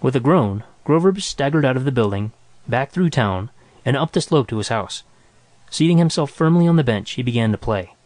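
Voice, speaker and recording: A man's voice: mid-range voice, no echo. Man reading a story aloud. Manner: even, measured reading. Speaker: narrator. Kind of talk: scripted story narration.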